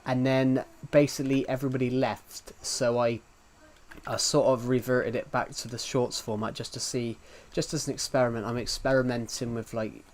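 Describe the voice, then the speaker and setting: A man's voice: medium pitch, little pitch movement, normal speed. A man with a Southwest English accent streaming a game live, rambling and chatting casually to his viewers, often restarting his sentences. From England. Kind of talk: casual live-stream chat while gaming.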